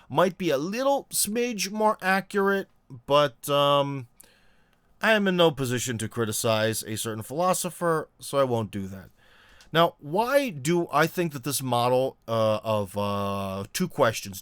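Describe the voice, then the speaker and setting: A man's voice: mid-range voice, sing-song, measured pace, fairly bright tone, clear, resonant tone, no echo. A man from the United States hosting a casual commentary monologue, rambling and restarting as he talks. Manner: rambling, many fillers and restarts. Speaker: host.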